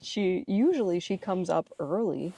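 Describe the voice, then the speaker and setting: A woman's voice: on the low side, unhurried, creaky, husky, far from the mic. A woman co-hosting a casual podcast from a boat on a marsh, telling family stories and acting out the voices she quotes. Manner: animated storyteller, acts out quoted lines. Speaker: podcast co-host. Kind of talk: casual chat.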